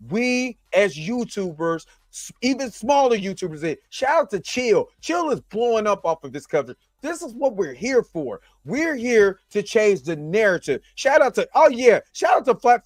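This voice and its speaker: A man with a high, light voice delivers casual stream commentary from a laptop setup, talking straight to his viewers. He is animated and loose, full of slang and asides. The sound is close and dry, with no room echo. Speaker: YouTube commentary host. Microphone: laptop recording setup.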